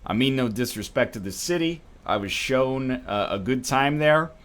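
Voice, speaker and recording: A man's voice: mid-range voice, animated, moderate pace, a bit bright. A man in his thirties rambles through a casual let's-play. His voice swoops up and down, and he keeps breaking into mocking put-on voices as he jokes along. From Canada. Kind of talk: casual gaming commentary.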